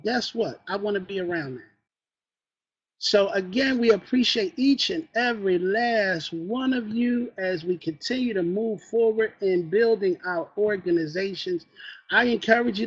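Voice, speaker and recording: A man's voice: high-pitched, slightly rough. A man giving a motivational training talk as team trainer, preaching and asking the listeners questions. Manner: preachy, calls for "amen" and asks the listeners questions. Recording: dull lo-fi recording.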